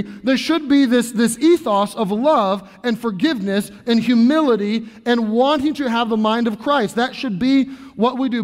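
A man's voice: high-pitched, long reverb tail. A male pastor in his thirties preaching a sermon in an earnest, conversational way, often restarting his sentences. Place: church sanctuary.

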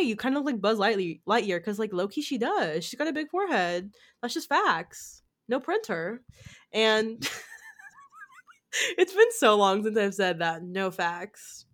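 A young woman in her twenties hosting a podcast, chatting casually with lively, rambling talk and free swearing. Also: fairly high pitch. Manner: animated, rambling, swears freely. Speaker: podcast host. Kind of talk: casual chat.

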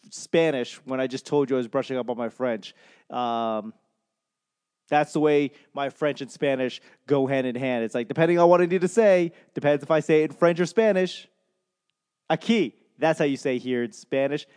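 A man's voice: mid-range voice, normal speed, a little mellow, clean tone. A man hosting a comedy podcast in a casual, rambling monologue, self-deprecating and swearing freely as he loses his train of thought. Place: home in Albuquerque.

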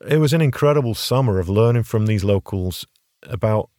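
A middle-aged man with a somewhat low voice tells his field stories in a loose, animated way, full of fillers and restarts. The recording is dry, with no room sound. He is an interview guest, chatting casually. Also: a little fast, no echo. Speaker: conservationist and bear researcher, guest.

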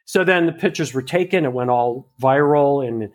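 A man's voice: mid-range voice, moderate pace. A man, a hairstylist, telling a story casually in an interview and acting out both sides of the conversation, with many fillers and restarts. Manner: animated retelling that acts out both sides of a dialogue; frequent "you know" fillers and restarts.

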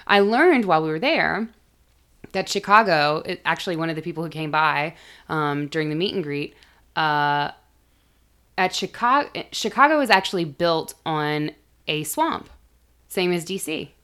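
A young woman co-hosting a casual podcast, her voice sitting on the lower side and worn hoarse, catching in a rough vocal fry. She talks loosely and playfully, swearing freely and breaking into laughs. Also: expressive, moderate pace, a bit bright. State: hoarse, recovering from lost voice. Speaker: podcast co-host.

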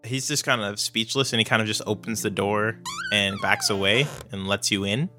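A man's voice: fairly low pitch, normal speed, over music. A man narrating as game master in a casual, hedging way, full of fillers.

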